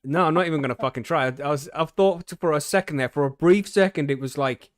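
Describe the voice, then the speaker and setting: A man's voice: fairly high pitch, quick pace, no echo, clean studio sound. A man co-hosting a podcast, chatting casually, swearing now and then and reading news aloud. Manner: laid-back, swears casually, laughs often. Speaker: podcast co-host.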